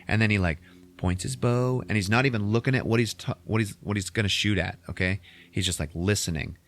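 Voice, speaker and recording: A man hosting a podcast, recapping a film in a casual, profane way and acting out the characters in quick voices. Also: lowish voice. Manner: animated retelling, heavy swearing, acts out characters in quick voices. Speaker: podcast host retelling a film.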